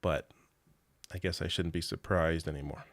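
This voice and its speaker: Laid-back, low-voiced man chatting on a livestream. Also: fairly even intonation, normal speed, dry recording. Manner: rambling, laughs often, swears casually. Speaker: live show host. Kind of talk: casual livestream chat reading comments.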